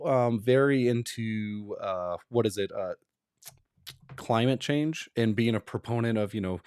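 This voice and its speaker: A man's voice: mid-range voice, no room sound, clean studio sound. A young adult man giving an emphatic, rambling, opinionated commentary. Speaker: commentary vlogger.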